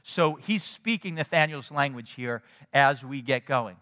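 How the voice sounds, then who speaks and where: Bright-voiced preacher man in a hall. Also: medium pitch, measured pace. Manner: conversational, animated, checks in with the congregation. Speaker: pastor. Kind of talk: sermon.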